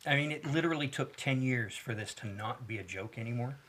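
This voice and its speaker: A man's voice: mid-range voice, brisk, slight background noise. A man co-hosting a casual talk show, telling rambling stories with lots of restarts. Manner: rambling, animated storyteller with many restarts. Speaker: podcast co-host. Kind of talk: casual chat.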